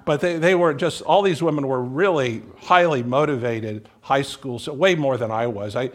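A man's voice: mid-range voice, normal speed. A middle-aged man preaching a conversational sermon as pastor, folksy, with joking asides and little acted-out scenes.

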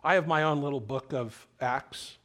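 A man's voice: on the high side, normal speed, fairly bright tone. A middle-aged male pastor preaching a sermon in a conversational, storytelling way, often repeating words as he goes.

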